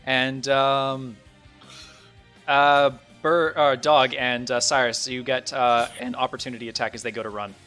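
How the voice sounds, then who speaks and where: A man's voice: medium pitch, flat delivery, measured pace, sharp tone, smooth, soft background music. A man narrating a tabletop game as dungeon master, rambling with many fillers and bursts of laughter.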